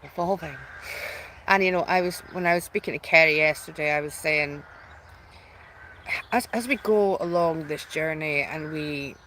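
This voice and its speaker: A woman on her own spiritual channel makes an emotional personal announcement, heartfelt and rambling, full of restarts and fillers, and close to tears at times. Her low-pitched voice is a bit bright and moves at a moderate pace. The recording is rough, with slight background noise.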